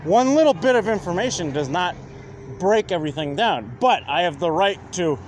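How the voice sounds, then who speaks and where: A man's voice: sits high, expressive, moderate pace, slight background noise. A man ranting to his viewers in a combative, profane monologue, repeatedly asking whether they understand. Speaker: vlogger.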